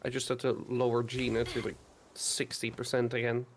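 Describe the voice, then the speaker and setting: A woman playing along in a game chat, giving brief calm replies and questions. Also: very deep voice, moderate pace, husky. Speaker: co-player. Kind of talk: casual gaming chat.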